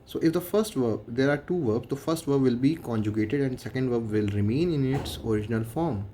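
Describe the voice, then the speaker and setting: A man's voice: mid-range voice, brisk, mellow. A man with an Indian English accent, a French teacher explaining grammar methodically and translating each example line by line.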